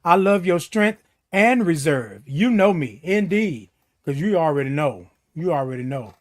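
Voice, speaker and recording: A man's voice: a little high, sing-song, a little slow. A man hosting a casual morning livestream, reading viewer comments aloud and answering them, saying "indeed" and "y'all" a lot. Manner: says "indeed" and "y'all" often. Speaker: livestream host.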